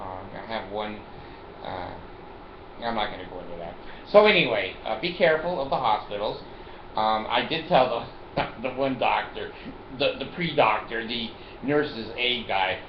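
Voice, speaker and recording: An older man talks casually to the camera from his chair at home, rambling from one story to the next and laughing at his own jokes. His voice sits at an ordinary middle pitch. The recording is roomy and somewhat dull, with faint noise behind him. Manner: rambling, joking, laughs often. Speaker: vlogger.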